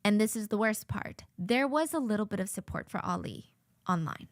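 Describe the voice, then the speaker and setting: A woman's voice: mid-range voice, expressive, moderate pace, no room sound. A woman hosts a true-crime commentary show with a mid-range voice, narrating a court hearing with open indignation. The sound is dry and close, with no room behind her. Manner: indignant, conversational storytelling. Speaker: host.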